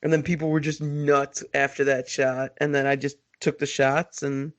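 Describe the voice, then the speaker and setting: A man co-hosting a casual podcast who recounts things in a relaxed, rambling way. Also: mid-range voice, normal speed. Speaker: podcast co-host. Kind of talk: casual chat.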